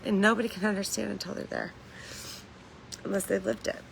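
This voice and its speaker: A woman's voice: mid-range voice, little pitch movement, brisk, vocal fry, slight background noise, low-quality recording. A woman hosting a casual livestream from home, talking candidly in a rambling way, swearing freely and laughing between lines. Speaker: livestream host.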